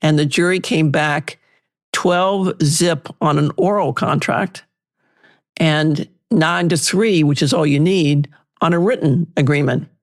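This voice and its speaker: An older woman, a litigation lawyer and interview guest, telling lively anecdotes and acting out past exchanges. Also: low-pitched, slow pace. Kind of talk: storytelling in an interview.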